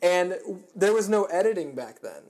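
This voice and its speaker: A man's voice: high-pitched, very animated, normal speed, a little mellow. A young man guesting on a casual podcast, telling stories, swearing freely and laughing often.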